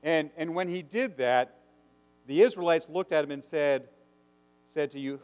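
A man's voice: on the high side, moderate pace, a little mellow, clear, resonant tone. A man preaching a sermon, earnest and asking his listeners questions. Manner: earnest, asks the congregation rhetorical questions. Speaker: pastor. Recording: long hall reverb.

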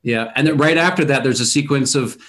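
A man talking casually about a film, retelling scene after scene. His telling is animated and full of fillers and restarts, the way friends chat about a movie. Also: medium pitch, brisk.

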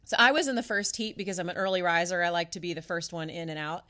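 A woman pastor co-hosting a podcast, telling a funny story in a casual, animated way and laughing often. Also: on the low side, fast talker.

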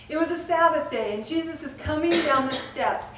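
A woman preacher in an impassioned sermon, swinging between loud outbursts and near whispers. Her high voice rings through an echoey room, caught from a distance with faint ambience behind. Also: normal speed, few pauses, slight background noise. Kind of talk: dramatic sermon to a women's audience.

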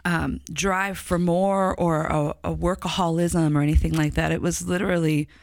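A woman's voice: on the low side, steady tone, normal speed, vocal fry, no room sound. A middle-aged woman with a touch of a Chicago accent, co-hosting a church podcast and talking candidly and reflectively, trailing off and restarting her thoughts. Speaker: podcast co-host. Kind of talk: casual church podcast discussion.

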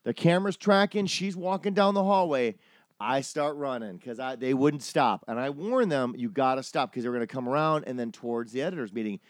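A man telling a story in a relaxed chat, peppered with swearing. He acts out the people in it with lively jumps in voice. His voice sits at a middle pitch, recorded close and dry. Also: brisk, no room sound. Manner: animated, profane, acts out quoted people. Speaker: podcast host telling a story.

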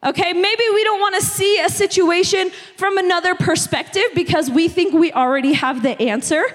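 A young woman preaches a sermon in a chatty, conversational way, often checking in with her listeners. Her voice sits very high, and a long church hall reverb lingers after her words. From United States. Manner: conversational, repeatedly asking "okay?". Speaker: youth pastor.

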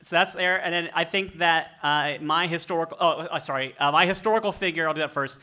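Live comedy cast member, bright voice, slightly high, self-mocking. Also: male voice, fast. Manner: self-deprecating, joking asides. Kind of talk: live comedy stage banter.

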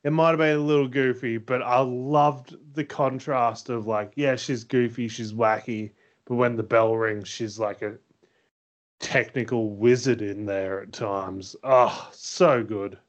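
A man co-hosting a casual wrestling podcast, excitable and quick to laugh. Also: medium pitch, lo-fi sound. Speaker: podcast co-host.

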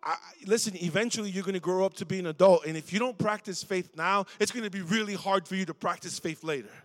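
A middle-aged man delivers a sermon in a casual, conversational way, often pausing to call on the young crowd for a response. His voice sits high for a man. It rings with the long reverb of a large church hall. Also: soft background music. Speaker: guest preacher at a youth service.

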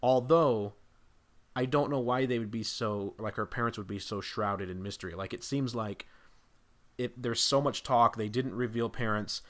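A man speaking as a guest on a podcast, thinking out loud with lots of fillers and restarts. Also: medium pitch, normal speed. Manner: rambling, thinking aloud with many fillers. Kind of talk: casual podcast discussion.

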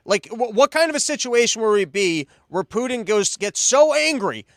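A man's voice: high voice, expressive, moderate pace, a bit bright, dry recording. A man hosting a podcast, giving rambling, mocking political commentary full of sarcastic asides. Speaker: podcast host.

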